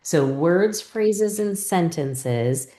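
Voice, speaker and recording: Low, slow-speaking woman teacher. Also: roomy sound. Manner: calm, step-by-step modeling of teacher and student turns. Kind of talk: instructional lesson.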